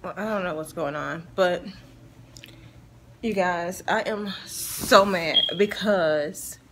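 A woman's voice: on the low side, slow pace, a little hiss or hum. Chatty young woman vlogging. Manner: frank, animated, chatty with slang. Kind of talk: casual vlog chat. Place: in a car.

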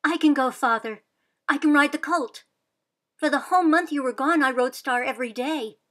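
A woman voicing a brave, determined young girl who pleads in an earnest, loud voice. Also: high-pitched, unhurried. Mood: eager.

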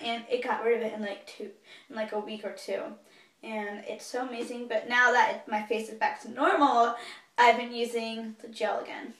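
A young woman chatting casually as a beauty vlogger, gushing about her favorite products. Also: a little high. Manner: bubbly, gushing. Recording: echoey room, voice a bit far from mic.

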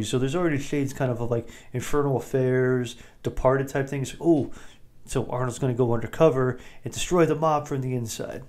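A man hosting a podcast, giving a rambling, jokey recap of a movie with quick asides. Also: mid-range voice, fairly even intonation, a little mellow. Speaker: podcast host.

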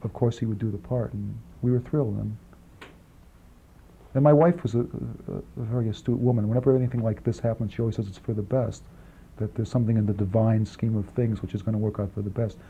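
A man being interviewed about his film work, talking quickly in long rambling answers with many restarts and asides, on an old archival tape. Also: fairly low pitch, steady tone, gravelly, dark tone. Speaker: film writer and director, interview guest. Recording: dull archival 1980s interview tape, faint hiss.

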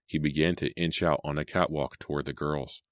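A man narrating a suspense audiobook in a measured, suspenseful way. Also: extremely low pitch, fairly even intonation, no echo, studio quality. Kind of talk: dramatic audiobook reading.

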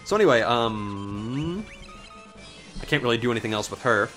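A man's voice: medium pitch, moderate pace, pauses often, soft background music. Young guy doing lets play commentary, rambly, curses a lot, bouncy up and down voice. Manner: rambling, swears casually, animated reactions. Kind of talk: casual gameplay commentary with storytelling.

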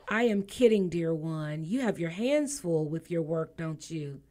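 A woman's voice: on the low side, expressive, slow, a little mellow. Playful woman radio talk host. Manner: playful, laughs often, teasing. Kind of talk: lively radio talk show hosting. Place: radio studio.

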